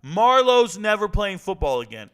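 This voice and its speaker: A man with a high-pitched voice runs through football players in loose, casual commentary. He is blunt and joking, with a trash-talking edge. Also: big pitch swings, moderate pace, a bit bright, clear, resonant tone. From Southern California. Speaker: sports commentary host.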